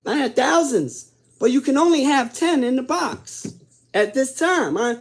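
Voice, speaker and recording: Raspy gravelly guy telling his story, cussing a lot, goes quiet then gets all worked up and loud. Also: expressive, unhurried. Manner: swings from low and subdued to loud and worked up as he relives events; blunt, profane street talk. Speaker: host telling his own prison stories. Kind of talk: casual storytelling.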